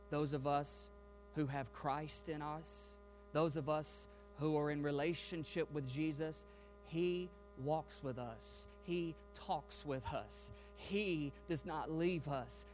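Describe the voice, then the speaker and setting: A man preaching a sermon to a congregation. He swings from hushed, quiet passages to loud, fervent ones and asks the listeners direct questions. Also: fairly high pitch. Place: church sanctuary.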